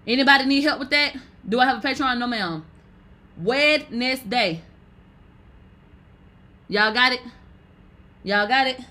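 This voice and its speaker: A woman hosting a casual livestream, reading viewer comments aloud in a brash, profane way and laughing loudly often. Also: a little high. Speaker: livestream host.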